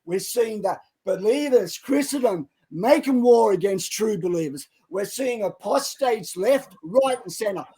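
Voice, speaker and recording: A middle-aged man co-hosting a Christian show, preaching with dramatic retellings that build to loud exhortations. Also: sits high, animated, a little slow, hardly any pauses, slightly rough, poor audio. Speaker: co-host of a Christian online show. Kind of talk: impassioned preaching and storytelling.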